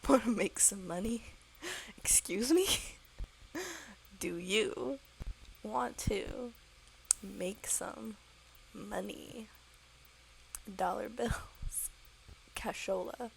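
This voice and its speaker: A woman voicing a slick, greedy male ghost who robs banks, smooth and persuasive like a salesman. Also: medium pitch, takes it slowly, darkish tone, slight background noise, low-quality recording. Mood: scheming.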